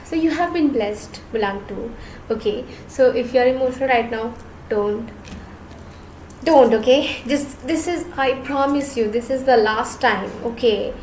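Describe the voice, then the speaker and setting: A woman's voice: on the high side, measured pace, a little mellow, reverberant, a little hiss or hum, rough recording. A woman giving an earnest, reassuring tarot reading to her viewers, often repeating phrases. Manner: earnest, reassuring, repeats herself, gets emotional. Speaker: tarot reader.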